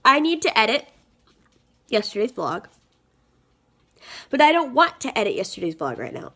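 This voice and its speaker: Earnest young woman vlogging, bright voice. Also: on the high side, big pitch swings, normal speed, long pauses. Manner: earnest, rambling, with fillers and restarts; stressed and frustrated venting. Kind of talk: confessional vlog talk.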